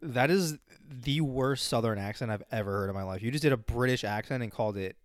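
A man's voice: medium pitch, fairly quick, no echo. A young man co-hosting a podcast in casual chat, giving dry, teasing retorts. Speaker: podcast co-host.

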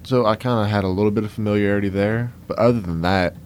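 A man's voice: on the low side, fairly even intonation, fast talker, a little mellow, slight background noise. A young man with a Cajun accent from South Louisiana, answering interview questions in an easygoing way with many fillers. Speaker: guest. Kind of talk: conversational interview.

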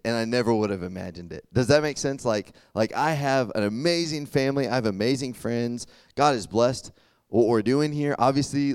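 Casual young male preacher, smooth voice. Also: fairly low pitch, a little mellow, dry recording, clean studio sound. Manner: conversational, filler-heavy, often asks "does that make sense?". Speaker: youth pastor. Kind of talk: casual sermon.

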